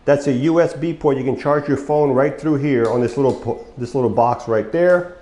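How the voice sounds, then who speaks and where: A man's voice: mid-range voice, normal speed, mellow. A man walking viewers through a power wheelchair as a mobility equipment dealer, plainspoken and talking to them as folks, his voice getting worn. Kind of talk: product walkthrough demo. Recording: echoey room.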